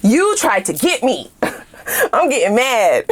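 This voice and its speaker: Brief: woman tarot reader, casual and sassy, animated, talks straight to her viewers, swears freely. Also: a little high, slow pace.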